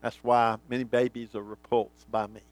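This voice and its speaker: A male pastor preaching a sermon, swinging from booming lines to hushed ones and acting out the voices he quotes. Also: level tone, normal speed, no room sound.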